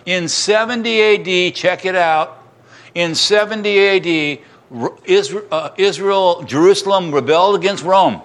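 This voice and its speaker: A middle-aged pastor preaches a sermon in church, acting out the cries of the crowd and restarting his sentences. His voice is high-pitched and fairly bright, with lively intonation at a normal speed.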